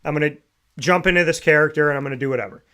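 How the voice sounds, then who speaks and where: A man's voice: fairly high pitch, racing, pushed and bright. A man hosting a morning sports talk show, chatting casually and reading promos with enthusiasm.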